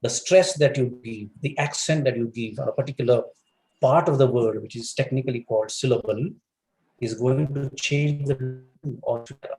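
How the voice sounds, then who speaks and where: A man from India giving a lecture on English, explaining at length with lots of "you know" and "for that matter", his pitch rising and falling for emphasis. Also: moderate pace, a little mellow, echoey room, low-quality recording. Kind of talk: recorded lecture.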